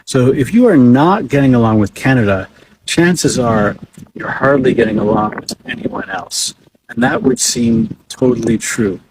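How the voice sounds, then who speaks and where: A man giving measured, wry political commentary. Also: medium pitch, expressive, very noisy.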